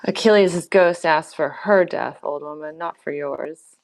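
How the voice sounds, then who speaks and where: A woman's voice: low-pitched, a little slow, creaky. A woman reading as a stern, unbending warrior envoy. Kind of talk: dramatic reading.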